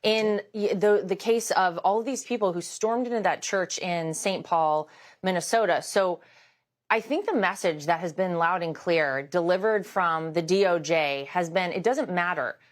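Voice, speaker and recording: Lower-voiced woman hosting a news interview. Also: normal speed. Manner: conversational, framing long questions with fillers. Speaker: talk show host.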